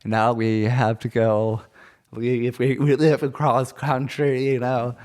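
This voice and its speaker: A man's voice: mid-range voice, little pitch movement, unhurried, darkish tone. A young man co-hosting a comedy podcast, chatting casually and rambling with many restarts and fillers. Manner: rambling, hesitant, full of restarts.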